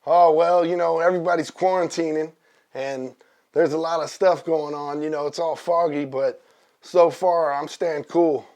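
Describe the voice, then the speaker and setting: A man guesting on a comedy talk show, telling rambling jokes in a deadpan, drawling way. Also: fairly high pitch, normal speed. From Northern California.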